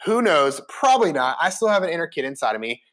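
A man's voice: a little high, quick pace. Chatty young man telling a story. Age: 20s. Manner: chatty, animated, many fillers and restarts. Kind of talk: casual storytelling monologue.

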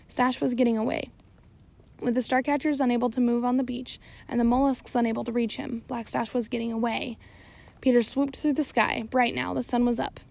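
Woman with a gravelly voice reading aloud. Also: fairly high pitch. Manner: steady reading with occasional slips and self-corrections. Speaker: audiobook narrator. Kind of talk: scripted narration.

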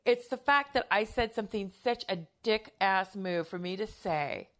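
A woman's voice: medium pitch, moderate pace. A woman telling a story in casual podcast chat, rambling and self-conscious with many fillers and restarts.

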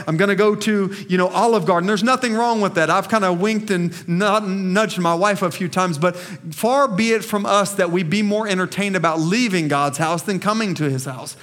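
High-voiced impassioned male pastor preaching. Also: fairly bright tone. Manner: impassioned, emphatic preaching with repeated calls to the congregation. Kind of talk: sermon. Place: church sanctuary with a small congregation.

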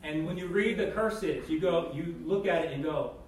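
A man with a high voice gives a casual Bible teaching, full of "like" and "right?" asides. He sounds distant from the mic in a very reverberant room, with faint noise underneath. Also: moderate pace. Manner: conversational, many "like" and "right?" asides; acts out voices in quotes.

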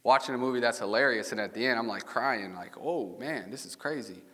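The long reverb of a large hall surrounds a pastor preaching in a church sanctuary with his congregation present. His voice is medium-pitched, brisk and sharp, and he keeps things chatty, telling stories and asking listeners questions.

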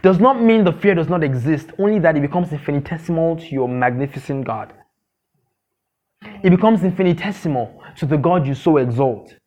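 A man preaching a sermon, emphatic and repetitive, asking his listeners questions and now and then mocking gossip in a squeaky voice. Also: animated, brisk, dull audio. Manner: emphatic, repeats key phrases, asks the congregation questions. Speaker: pastor.

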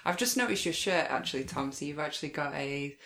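A woman's voice: low voice, expressive, quick pace, vocal fry, a bit bright, echoey room. A woman co-hosting a casual film-discussion podcast, amused and giggly as she chats. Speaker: podcast co-host.

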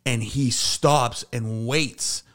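A man telling a casual, animated story with plenty of swearing and "like" fillers. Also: medium pitch, very slow, clean tone. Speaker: comedy podcast guest.

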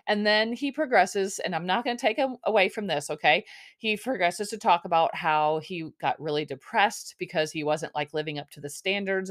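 A woman with a lowish, slightly bright voice hosts a podcast, giving a casual chat recap. She rambles chattily, restarting often and swearing now and then.

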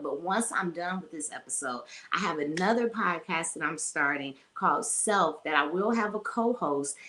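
A woman's voice: lowish voice, a bit bright. A woman in her forties hosting a casual live-streamed podcast, chatting freely, greeting viewers by name and laughing often. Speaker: podcast host.

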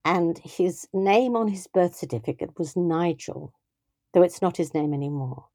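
Warm older woman telling stories thoughtfully. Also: on the low side, a little slow, no room sound, clean studio sound. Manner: thoughtful, with frequent restarts and "you know". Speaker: guest speaking on parenting. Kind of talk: reflective conversational storytelling.

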